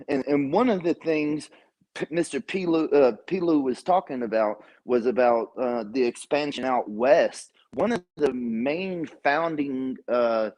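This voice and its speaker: A man's voice: mid-range voice, a little mellow, poor audio. A man calling into a livestream, lecturing at length with many fillers and restarts. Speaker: caller on a livestream. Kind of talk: casual argumentative chat.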